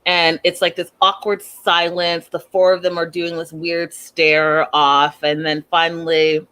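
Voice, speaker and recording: A woman hosting a casual recap, talking in an animated, sassy, slangy way. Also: on the low side, a little slow, clean tone. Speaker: host.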